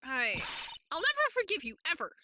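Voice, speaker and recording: A woman's voice: very high-pitched, wildly swooping pitch, fairly quick, very noisy, full character voice. A woman voicing an upset little girl who is clingy and tearful, pleading and indignant. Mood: hurt.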